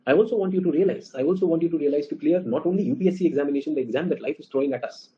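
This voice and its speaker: Fast-talking Indian English teacher. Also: male voice, medium pitch, muffled recording. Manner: animated, asks the class questions often. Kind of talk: classroom lecture.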